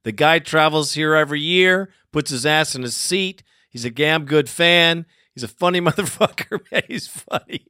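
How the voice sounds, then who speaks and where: A man hosting a fan call-in show, animated and fired up, swearing freely. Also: on the high side, moderate pace, few pauses, clean tone, no room sound, clean studio sound. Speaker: host.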